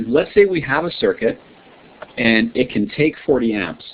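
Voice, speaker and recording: A man's voice: medium pitch, animated, unhurried. A male teacher giving an online science lesson, quizzing his students in a friendly way and often checking with "right?". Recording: tinny lo-fi line with faint hiss.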